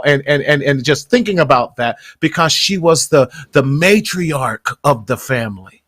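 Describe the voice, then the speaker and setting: A man's voice: on the high side, huge pitch swings, slow pace, pushed and bright, husky. A man hosting a talk show, telling family stories with heartfelt, church-flavored phrasing and often repeating words as he talks. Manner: heartfelt storytelling, repeats words when moved; church-style phrasing, leads prayers. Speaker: host. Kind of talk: casual chat.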